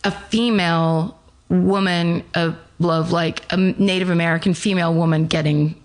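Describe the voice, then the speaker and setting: A woman's voice: on the low side, steady tone. A woman co-hosting a podcast in casual chat, rambling a little and laughing often. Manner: chatty, rambling, quick to laugh. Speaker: podcast co-host.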